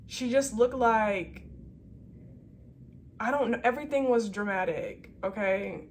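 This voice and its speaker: A woman flight attendant telling a story in a casual vlog, animated and chatty with plenty of slang. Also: medium pitch, measured pace, a little hiss or hum.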